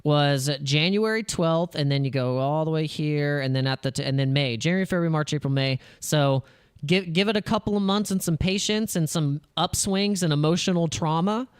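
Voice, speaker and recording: A man hosting a crypto channel, talking over charts in casual, excitable commentary and acting out panicky investor voices. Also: on the high side, normal speed, clear, resonant tone, dry recording, studio quality.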